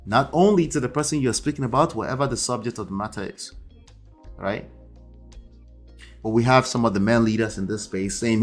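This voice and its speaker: A man's voice: mid-range voice, normal speed, faint music behind. A man hosting relationship commentary, reacting to a debate clip in an emphatic way that keeps checking in with the listener. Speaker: relationship coach and host.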